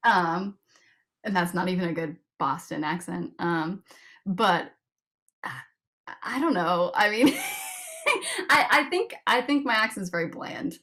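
A woman's voice: medium pitch, very animated, measured pace, pauses often, a bit bright. Giggly American woman on a video call. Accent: neutral American. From Rhode Island, USA. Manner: giggly, chatty, many fillers. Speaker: guest musician. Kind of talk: casual interview chat.

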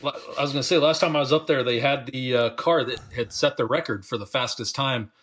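Chill podcast co-host guy, bit husky, mid pitch, easy short replies. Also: fairly quick, a bit bright. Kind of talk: casual sports podcast chat.

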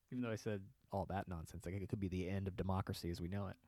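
A man's voice: low-pitched, fairly even intonation, fast, mellow, dry recording. Rambling sarcastic man, dry close sound. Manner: rambling, sarcastic, laughs often; mocking put-on quoted voices. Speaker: podcast host. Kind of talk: casual chat.

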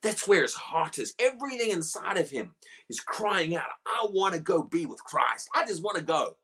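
A woman preaching a sermon, emphatic and animated, often asking rhetorical questions. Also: on the low side, normal speed, breathy edge.

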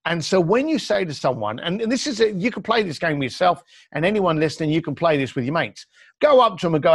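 A fast-talking podcast guest with a fairly high pitch gives a blunt, animated interview, acting out other people's lines as he tells stories. The recording is studio quality, with no echo.

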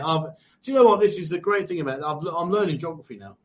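A man with a fairly high voice and lively intonation races along, barely pausing, on a casual live stream with dull lo-fi audio. As host he reads viewer comments aloud and teases his co-host, joking and swearing freely.

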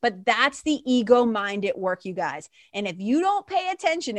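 A woman giving a casual spiritual talk, talking fast and reading passages slowly. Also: a little high, no echo, studio quality. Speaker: spiritual teacher.

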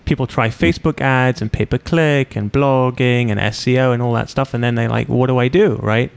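A man hosting a podcast interview, enthusiastic and quick to laugh. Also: medium pitch, vocal fry, smooth. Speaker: podcast host. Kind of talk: casual interview chat.

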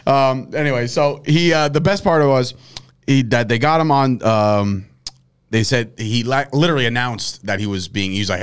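A man's voice: medium pitch, normal speed, clean tone. A man hosting a sports talk show, joking and rambling in casual chat, laughing often.

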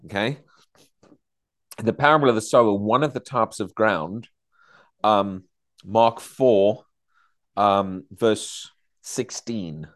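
A man teaching a Bible study, questioning his class and acting out excited believers. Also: lowish voice, slow, long pauses.

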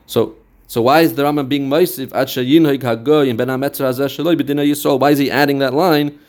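Speaking fast in a steady, darkish medium-pitched voice, this man teaches Talmud. He explains the text piece by piece, chants the passages he quotes, and blends Hebrew and Yiddish words with English.

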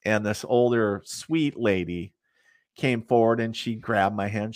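Speaking in a fairly low, steady, unhurried voice, this middle-aged psychic medium rambles through casual interview stories, full of fillers and side comments, chuckling at his own anecdotes. The audio is studio quality without echo.

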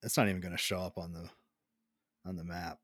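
A man's voice: sits low, little pitch movement, a little fast, a bit bright, no echo, studio quality. An American man hosting a podcast, asking curious questions in a casual, loose way with some swearing. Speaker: podcast host. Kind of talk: casual chat.

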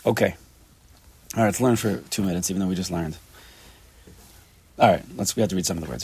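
Speaking quickly yet stopping often, a low-voiced man with a breathy quality teaches a casual Torah class to a few listeners. He's animated, says things more than once, and uses Hebrew and Yiddish words.

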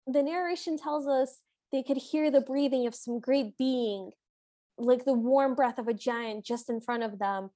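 A woman's voice: high-pitched, darkish tone. A woman co-hosting a podcast, recapping a film scene by scene in an amused, giggly way. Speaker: podcast co-host. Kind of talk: casual chat recapping a film.

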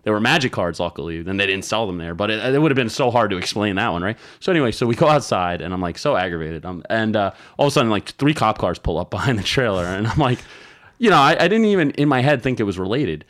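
A man in his thirties telling a story in casual chat, animated and exasperated as he retells what happened. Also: on the low side, quick pace. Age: 30s.

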